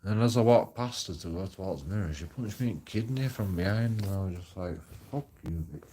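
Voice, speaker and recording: A man's voice: lowish voice, fast talker, dark tone, slightly rough. A man telling a personal story in a rambling, heavily sworn casual monologue. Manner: heavy swearing, rambling with restarts.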